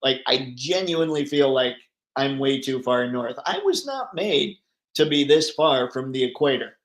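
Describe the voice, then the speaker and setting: A man hosts a casual live chat show in an ordinary mid-pitched voice. He reads viewer comments aloud and answers them loosely and talkatively. He often thinks out loud as he clicks around, wandering from one thought to the next. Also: lively intonation, unhurried. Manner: thinks aloud while browsing online listings. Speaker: livestream host.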